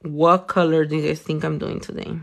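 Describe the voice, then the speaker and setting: A young adult Californian nail artist livestreams a tutorial, chatting casually and swearing freely as she does nails and reads viewer comments aloud. Her voice is low-pitched and gravelly, with little pitch movement, at normal speed.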